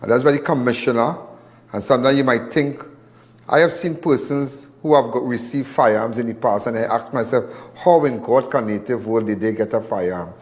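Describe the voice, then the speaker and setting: A man's voice: mid-range voice, normal speed. A man with a Trinidadian accent hosting a live crime show, talking in a loose, rambling, lecturing way.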